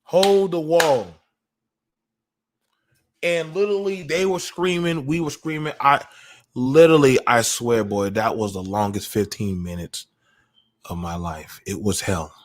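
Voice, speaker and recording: A man, a military veteran, telling a raw story in the first person, halting and profane with frequent restarts. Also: medium pitch.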